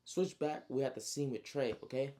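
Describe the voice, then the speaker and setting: A man casually recapping his own story, slangy and animated, with frequent asides. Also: mid-range voice, moderate pace.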